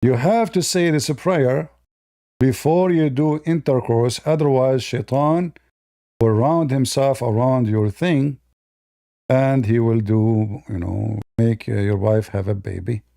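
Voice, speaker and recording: A man's voice: mid-range voice, slow pace, gravelly, mellow, dry recording, clean studio sound. A man giving a casual, mocking monologue on religion in broken English, sarcastic throughout. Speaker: religion commentator.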